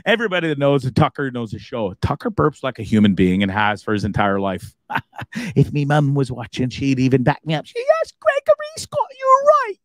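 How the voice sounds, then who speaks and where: Man, live-stream host, jokey and swearing, very lively pitch, dry close sound. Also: brisk, dry recording. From Canada, Hamilton region. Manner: jokey, animated, swears freely, laughs often. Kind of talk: casual live-stream chat.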